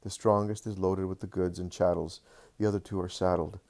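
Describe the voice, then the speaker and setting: A man narrates a devotional text in a slow, earnest reading. His voice sits very low, and he now and then stumbles on a word and corrects himself. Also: little pitch movement, darkish tone.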